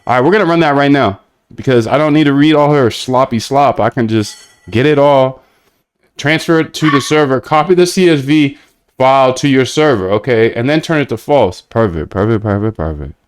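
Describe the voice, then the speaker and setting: A young man live-streaming while coding a trading bot, chatting casually with viewers in slangy banter, sometimes flat and monotone, sometimes lively. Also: medium pitch, a little fast, clean tone. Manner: laid-back slangy banter with chat, shifts between flat monotone and lively bursts.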